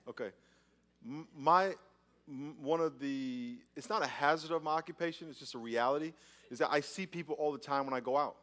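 A male pastor preaching a sermon, telling stories with acted-out scenes, often repeating and restarting his words. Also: medium pitch. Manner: animated storytelling, acts out scenes.

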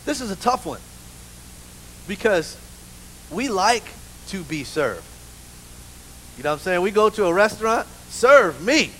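Brief: high-pitched pastor, animated and funny, live church, faint room noise. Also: male voice, a little slow, pauses often, rough recording. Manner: animated, humorous storytelling with many "you know"s. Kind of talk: sermon.

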